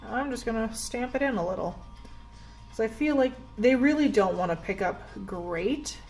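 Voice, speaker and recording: A woman's voice: on the high side, animated, normal speed, rough recording. Chatty young woman, faint music behind. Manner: chatty, self-deprecating, full of "like". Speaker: beauty vlogger. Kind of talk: casual get-ready-with-me chat. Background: soft background music.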